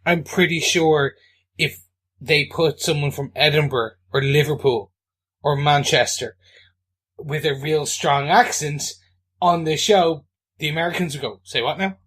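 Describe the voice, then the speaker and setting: A man's voice: on the high side, steady tone, measured pace, fairly bright tone, breathy edge. A man co-hosting a TV review podcast, chatting casually and jokingly with lots of fillers. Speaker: podcast co-host.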